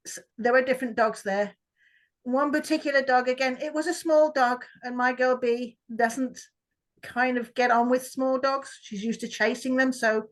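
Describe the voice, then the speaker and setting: A woman's voice: a little high, a bit bright, poor audio. A woman, a workshop participant, chattily telling a story about her dog on a video call. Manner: chatty, with restarts.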